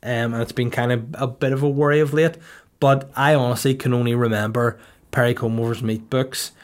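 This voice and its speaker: A man's voice: medium pitch, level tone, a little fast. A young man co-hosting a podcast, rambling and joking crudely, often laughing as he talks. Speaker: podcast co-host. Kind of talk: casual comedic podcast chat.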